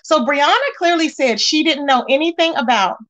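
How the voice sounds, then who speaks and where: A woman hosting a casual gossip commentary, talking straight to her viewers in an animated way with lots of fillers. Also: sits high, normal speed. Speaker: commentary channel host.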